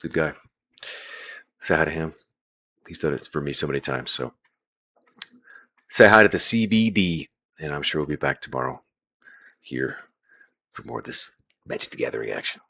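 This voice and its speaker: A man's voice: very deep voice, very animated, moderate pace, creaky, long pauses, bright, forceful tone, husky, lo-fi sound. A man chatting casually on a live stream as he plays a card game, loose and profane, thinking aloud.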